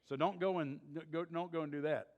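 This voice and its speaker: A man's voice: a little high, steady tone, a little fast, big-room sound, dull audio, lightly acted. A man acting out a Biblical patriarch in a plain storytelling voice while teaching. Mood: worried. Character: Biblical patriarch man, bargaining then flustered.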